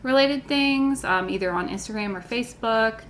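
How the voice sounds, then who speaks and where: A woman's voice: fairly high pitch, moderate pace, a bit bright, slight background noise. A woman co-hosting a podcast in bubbly casual chat, full of fillers. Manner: bubbly, uses lots of "like" and "um". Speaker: podcast co-host.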